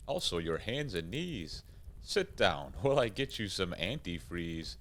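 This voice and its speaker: A man as Santa Claus, deep and calm. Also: measured pace, full character voice. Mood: amused calm. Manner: calm, gently lecturing, warmly persuasive. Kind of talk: radio play acting.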